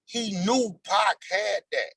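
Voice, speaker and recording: A man's voice: high voice, expressive, takes it slowly, vocal fry, fairly bright tone, husky, no room sound, rough recording. A man in his forties, an actor being interviewed, talking in a loose, slangy and emphatic way. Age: 40s. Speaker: actor guest. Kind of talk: casual interview chat.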